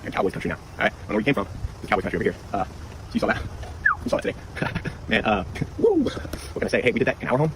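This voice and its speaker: A boastful male football fan speaks in a lowish voice with a bouncy, lively lilt, rattling along quickly. His tone is teasing. A clear hum of traffic runs under him. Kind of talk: taunting selfie talk.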